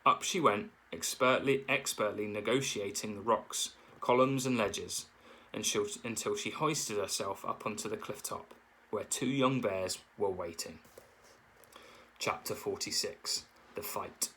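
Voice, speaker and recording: A man's voice: on the low side, unhurried, sharp tone, a little hiss or hum, rough recording. A man, a teacher, reading a children's novel aloud and stopping to explain words.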